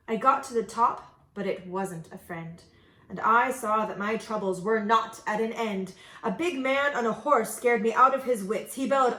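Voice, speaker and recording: Brief: storyteller woman, high voice, lively sing-song read-aloud, echoey room. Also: normal speed. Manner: expressive sing-song reading. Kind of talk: reading a picture book aloud.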